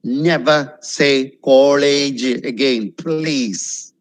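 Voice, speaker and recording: A man's voice: on the high side, low-quality recording. A man giving a spoken English webinar as a trainer, stretching words and swinging his intonation up and down to demonstrate. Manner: animated, drawn-out demonstrative intonation. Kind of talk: webinar lecture. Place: online webinar. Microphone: video call.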